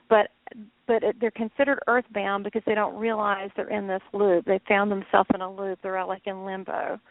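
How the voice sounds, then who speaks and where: A woman's voice: mid-range voice, dry recording. Rambling woman medium on a phone line. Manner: rambling, searching, many fillers and restarts. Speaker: psychic medium guest. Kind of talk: casual radio call-in reading.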